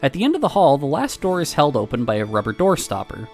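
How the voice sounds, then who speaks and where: A man streamer reading a visual novel aloud with wry, animated storytelling. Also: a little high, fast, faint music behind.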